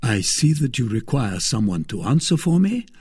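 A man's voice: mid-range voice, sing-song, normal speed, darkish tone, breathy edge. A man playing a bold, passionate young suitor, declaiming his devotion with earnest energy. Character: bold, ardent young male suitor, gallant.

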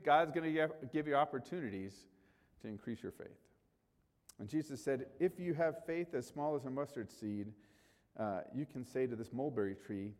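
A man's voice: fairly high pitch, darkish tone, big-room sound. A male pastor preaching a sermon in a conversational way, rising sharply for emphasis.

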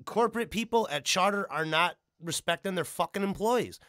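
A man's voice: sits high, animated, moderate pace, fairly bright tone, no room sound, studio quality. A man hosting a casual podcast, rambling and cursing freely. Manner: profane, rambling. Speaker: podcast host. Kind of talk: casual chat.

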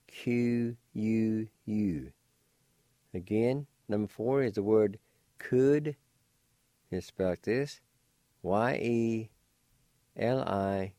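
Slow, patient older man teaching. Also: fairly low pitch, mellow, dry recording, clean studio sound. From Cherokee Nation, Oklahoma. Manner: patient, deliberate, repeats each word. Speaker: language teacher. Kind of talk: slow vocabulary lesson, spelling out syllables.

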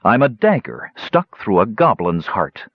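A man voicing a dim, half-awake sentient dagger in an audiobook, speaking in a slow, hushed, wondering way. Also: fairly low pitch, big pitch swings, slightly rough, no echo, muffled recording, full character voice. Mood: groggy wonder.

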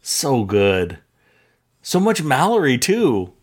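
A man's voice: medium pitch, wildly swooping pitch, husky. A man co-hosting a podcast, chiming in with short agreeing remarks in casual chat. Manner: short agreeing replies, slow and laughing. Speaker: podcast co-host.

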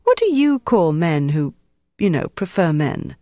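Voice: medium pitch, sing-song, a little slow, warm tone, no room sound. A narrator voicing a curious, determined young woman who asks earnestly.

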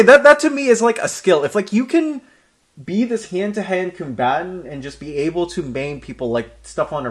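A man's voice: on the high side, breathy edge. A man co-hosting a casual comics podcast, rambling and self-deprecating, often restarting his sentences. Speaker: comic book podcast co-host. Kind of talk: casual chat.

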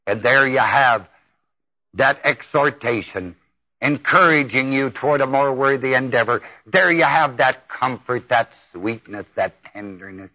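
A man's voice: medium pitch, pushed and bright. A man preaching a sermon in a folksy, emphatic way, with exclamations. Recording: dull lo-fi tape.

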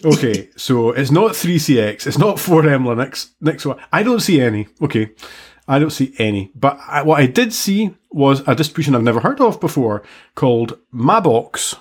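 A man's voice: medium pitch, big pitch swings, moderate pace, slightly rough. A man hosting a casual podcast chat, joking and teasing himself as he talks. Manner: joking, self-mocking. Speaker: podcast host.

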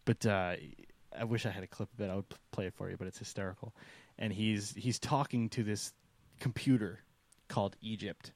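Low-voiced, laughing male podcast host. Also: fairly even intonation, fairly quick, darkish tone. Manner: ranting and laughing, mimics voices. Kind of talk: casual chat.

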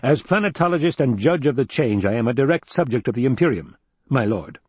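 A man's voice: mid-range voice, big pitch swings, brisk, a little mellow, slightly rough, dry recording, voice pushed up. A man voicing Kynes, a curt, guarded planetologist. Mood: stiff, guarded. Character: stiff guarded male desert planetologist. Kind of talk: audiobook character reading.

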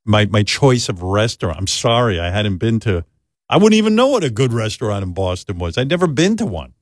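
A man hosting a talk show, telling a self-deprecating comic story in animated casual chat and jumping into quoted voices. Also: fairly low pitch, fairly quick, dry recording, studio quality. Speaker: host.

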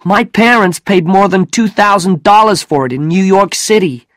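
A man voicing a bold, quick-tempered teenage girl in a storybook reading, speaking in a raised, emphatic way. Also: high voice, fairly bright tone, no echo, studio quality, voice pushed up. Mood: firm.

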